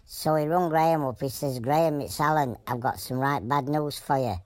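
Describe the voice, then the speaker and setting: A low-voiced Yorkshire creature, played by a woman, rambles through jokes in broad dialect with a straight face. The voice sits deep for a woman. It is recorded dry and close. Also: moderate pace, no room sound, close to an everyday voice. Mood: deadpan. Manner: deadpan, rambling joke-telling in broad dialect. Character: a blunt animal telling deadpan jokes.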